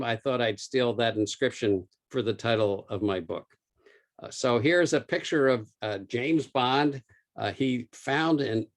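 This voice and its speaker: A man giving an illustrated museum talk as author and lecturer, telling stories with frequent small fillers. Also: medium pitch. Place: lecture room.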